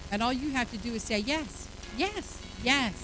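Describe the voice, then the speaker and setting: A middle-aged woman pastor preaching a sermon, acting out everyday lines with animated energy, then turning to a hushed altar call. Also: a little high, moderate pace, music in the background, poor audio. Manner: soft, hushed invitation at the close.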